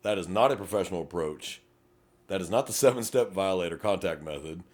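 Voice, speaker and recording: A man's voice: low-pitched, brisk. A middle-aged man, a police officer co-hosting a podcast, telling stories in a blunt, profane way. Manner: blunt, profane, animated storytelling. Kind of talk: casual podcast chat.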